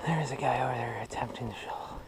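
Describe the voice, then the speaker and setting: A man out of breath, narrating a handheld vlog as he fights his way through deep snow outdoors. His voice sits in an everyday mid pitch. Heavy wind noise buffets the recording throughout. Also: quick pace. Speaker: vlogger.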